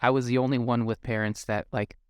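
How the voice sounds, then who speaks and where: A man hosts a conversational podcast interview, rambling and heartfelt as he circles back and restarts his thoughts. His voice sits at a middle pitch. The recording is dry and close. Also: level tone, fairly quick, clear, resonant tone, no room sound. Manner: rambling, warm-hearted, many fillers and restarts. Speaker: podcast host.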